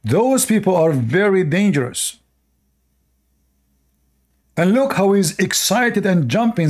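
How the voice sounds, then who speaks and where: Indignant preachy man, higher-pitched. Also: animated, slow pace, long pauses. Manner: indignant, preachy, asks the audience rhetorical questions; non-native English grammar. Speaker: online religious commentator. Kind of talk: reaction commentary.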